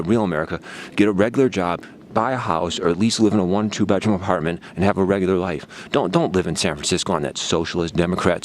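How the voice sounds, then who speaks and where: A very low-voiced man rants into his mic with heated, sarcastic repetition. The long vlog monologue carries a faint hiss of background noise underneath it. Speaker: political vlogger. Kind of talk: ranting monologue.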